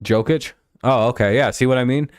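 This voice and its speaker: A man hosting a live stream, giving casual play-by-play and rambling, swearing chat between pitches. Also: fairly quick, smooth, no echo, studio quality. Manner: rambling and profane, with frequent fillers.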